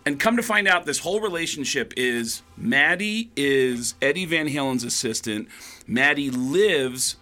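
A man, a stand-up comedian, telling a long anecdote in conversation and lively acting out the voices of the people he quotes. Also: measured pace. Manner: animated, acts out quoted voices with big pitch jumps.

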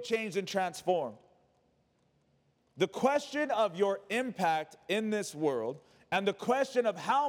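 A man's voice: high voice, long reverb tail. A man preaching as a pastor, reading scripture and then driving his point home with emphatic repetition and casual asides. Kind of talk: sermon.

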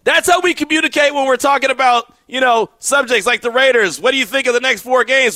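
A middle-aged man hosts a radio show in casual, animated banter. His voice sits very high and bright. The sound is dry and close to the mic. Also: quick pace, few pauses, no echo. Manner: animated, teasing, laughs often.

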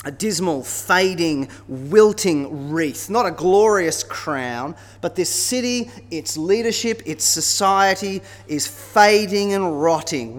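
A man preaching a sermon in a conversational, expressive way, often checking in with tag questions. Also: high voice, slow, hardly any pauses. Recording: long reverb of a large hall.

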